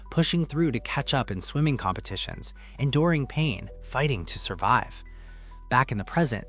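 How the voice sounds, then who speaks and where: A man narrating a comic story recap in steady scripted storytelling. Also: medium pitch.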